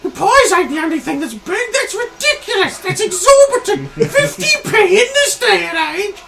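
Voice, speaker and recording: A man voicing a grumbling old Cockney man who rants about prices in a shrill, shouting voice. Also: sing-song, normal speed, creaky, heavily acted, rough recording. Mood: indignant.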